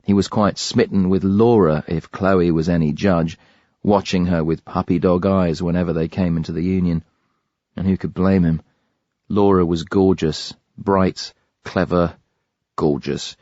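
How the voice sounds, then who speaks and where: A man narrating an audiobook thriller in a measured, grave read. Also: low voice, steady tone, dark tone, dry recording, dull audio. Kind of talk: scripted narration.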